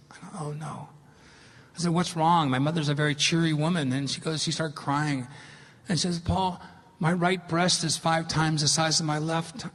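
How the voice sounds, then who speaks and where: Middle-aged male lecturer, earnest and emphatic, slightly raised pitch, long hall reverb. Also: a bit bright. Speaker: speaker giving a talk. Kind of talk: public lecture with slides.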